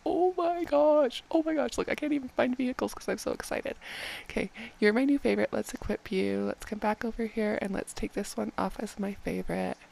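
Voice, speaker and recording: A woman giving excited gameplay commentary at home at night, repeating phrases and often dropping to a hushed whisper so she won't wake others. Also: mid-range voice, fairly quick, gravelly. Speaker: game vlogger.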